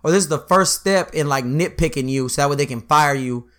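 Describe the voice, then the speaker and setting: Animated, profane young man telling a story. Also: fairly high pitch, fairly quick. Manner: animated, profane storytelling with lots of quoted dialogue; frequent "you know what I'm saying" fillers. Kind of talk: casual chat.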